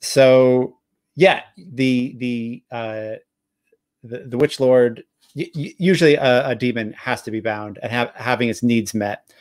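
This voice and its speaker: A man with a New Jersey accent, hosting a live tabletop game and recapping the story in a halting, self-correcting way with easy laughs. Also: medium pitch, dry recording. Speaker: game master. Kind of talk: casual actual-play narration.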